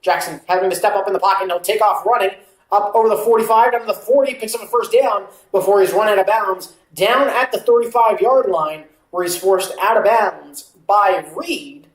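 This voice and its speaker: A watchalong streamer calling the game play by play, stretching out calls and drifting into casual asides, on a mic that peaks on loud moments. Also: mid-range voice, brisk, roomy sound, low-quality recording. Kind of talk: amateur play-by-play commentary.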